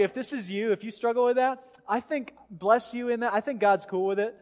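A man, a pastor, preaching a sermon in a casual, animated storytelling way, acting out voices as he goes. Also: high voice. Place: church sanctuary. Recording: long hall reverb.

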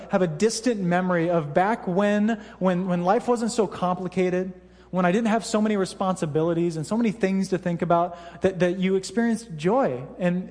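A man's voice: high-pitched, a little mellow. A man in his thirties preaching a sermon to a church congregation, telling stories in a conversational, self-deprecating way with lots of fillers. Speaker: pastor. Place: church hall. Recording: reverberant church hall.

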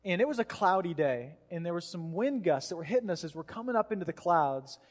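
A man's voice: high-pitched, very animated, brisk. A man in his thirties preaching a sermon in a church, casual and chatty, acting out voices as he tells a story. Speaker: pastor. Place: church hall. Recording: reverberant church hall.

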